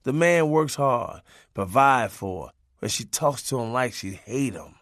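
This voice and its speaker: A man's voice: medium pitch, animated, measured pace, fairly bright tone, no room sound, clean studio sound. A man narrating a comic memoir in a loose, profane, conversational way, laughing as he goes. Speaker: audiobook narrator.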